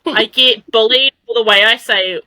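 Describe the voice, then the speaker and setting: A woman's voice: fairly high pitch, normal speed, bright, forceful tone, no room sound, rough recording. A woman with a New Zealand accent co-hosting a podcast, chatting playfully and laughing easily. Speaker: podcast co-host. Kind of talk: casual chat.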